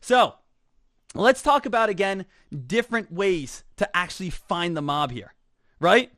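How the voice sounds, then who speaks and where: Man, high voice, trading instructor, energetic lesson, says "right?" a lot, dry close sound. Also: no room sound. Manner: rhetorical "right?" and repeated "again"; acts out imagined students in quick put-on voices. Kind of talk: energetic teaching talk.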